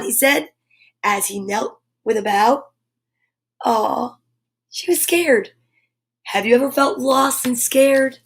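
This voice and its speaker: A woman reading a children's picture book aloud on a livestream, gentle and enthusiastic, often dropping to a whisper. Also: fairly high pitch, slow, pauses often. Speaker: storyteller.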